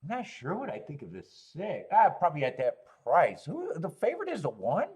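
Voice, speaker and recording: A man's voice: a little high, huge pitch swings, fairly quick, darkish tone, slightly rough. A man hosting a live horse racing stream, rambling and joking while greeting viewers in chat.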